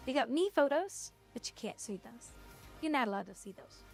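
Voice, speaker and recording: A young woman streaming and chatting in a casual, rambling way, with blunt opinions. Her voice sits a little high. Faint music plays underneath. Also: lively intonation, normal speed, gravelly. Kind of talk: casual livestream chat.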